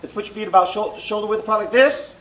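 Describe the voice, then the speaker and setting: A man's voice: high voice, fast talker, heavy background noise. A male stand-up comedian who works the audience, giving instructor-style commands and exaggerating sing-song tones. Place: live comedy stage before an audience. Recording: echoey venue, distant mic, loud crowd.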